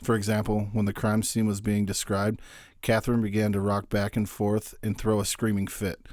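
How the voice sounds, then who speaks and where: Low dry-voiced male podcast narrator. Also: monotone, moderate pace, a little mellow, no room sound. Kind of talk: scripted true-crime narration and casual chat.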